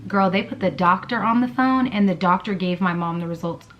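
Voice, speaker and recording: A woman's voice: mid-range voice, fairly quick, highs cut off, a little hiss or hum. A woman vlogger telling a personal story in a casual, chatty way, full of fillers and blunt swearing. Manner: chatty, lots of "like" and "girl", swears freely.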